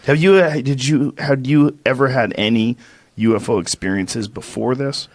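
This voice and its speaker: A man hosting a podcast, asking questions in a relaxed, conversational way. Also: mid-range voice, normal speed, no echo. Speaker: podcast host. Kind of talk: casual interview talk.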